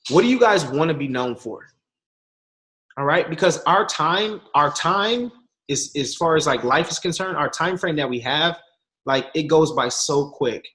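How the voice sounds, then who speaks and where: A man's voice: fairly high pitch, measured pace. A young man giving a casual motivational talk as a guest speaker, telling stories with voiced quotes. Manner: animated storytelling with voiced quotes, slangy.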